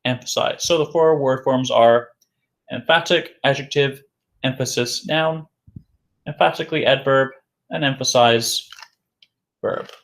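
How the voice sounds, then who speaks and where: A man teaching English vocabulary in a recorded lesson. He repeats each word several times, slowly and clearly, and answers his own questions. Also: mid-range voice. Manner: asks questions and answers them himself.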